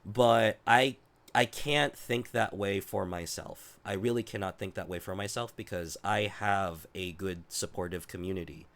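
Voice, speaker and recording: A man's voice: lowish voice, moderate pace, a bit bright. A man in his thirties with a voice worn down by a cold, chatting casually with his viewers as a streamer, rambling, restarting sentences and swearing now and then. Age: 30s.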